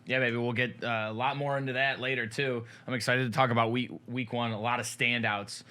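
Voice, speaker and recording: A man hosting a live talk show about sports cards, loud and excitable, with shouted bursts of energy. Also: mid-range voice, brisk. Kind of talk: hyped live-stream banter.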